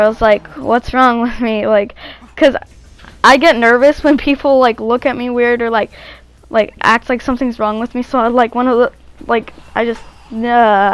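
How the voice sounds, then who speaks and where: A young woman with a slightly high, smooth voice tells a story from her own life in a loose, rambling way. She restarts her sentences and fills the gaps with "um" and "like". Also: a bit bright, low-quality recording. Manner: rambling, many restarts and fillers. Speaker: vlogger. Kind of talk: casual storytelling.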